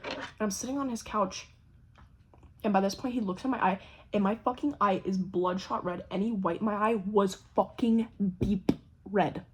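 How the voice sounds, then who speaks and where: A young woman telling a casual storytime vlog, swearing constantly and talking in a lively, animated way. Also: medium pitch, normal speed, husky. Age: young adult. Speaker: vlogger.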